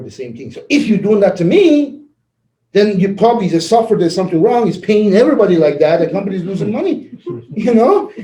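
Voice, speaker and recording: A man giving a casual motivational talk, animated and laughing as he acts out conversations. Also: sits high, echoey room, poor audio. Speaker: network marketing leader.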